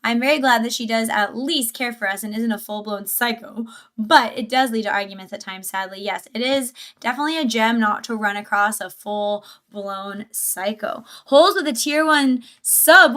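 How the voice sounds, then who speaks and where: A woman with a high voice hosts a casual livestream, chatty and easily sidetracked. She giggles often and talks into a desk mic. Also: normal speed, fairly bright tone. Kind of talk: casual livestream reaction chat.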